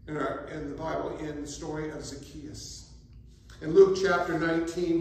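A man preaching a sermon as pastor, telling the story in a lively way with humorous asides. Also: on the high side, a little hiss or hum. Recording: very echoey, distant mic, faint ambience.

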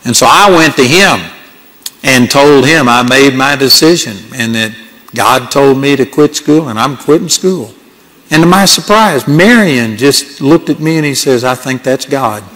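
An older man preaching a sermon, telling a personal story in a folksy, animated way and acting out what people said. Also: mid-range voice. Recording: long reverb of a large hall.

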